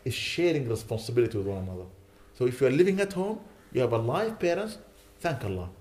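A man's voice: mid-range voice, very animated, fast talker, a little mellow. A man giving an earnest sermon, pleading with his listeners and rising to indignant emphasis. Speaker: imam.

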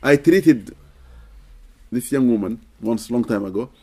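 An earnest man gives religious guidance in a relaxed question-and-answer session. He speaks at an ordinary pitch and keeps checking that his listeners follow him with a quick "okay?" between points. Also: breathy edge. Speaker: Islamic teacher answering questions. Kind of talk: casual religious Q&A talk.

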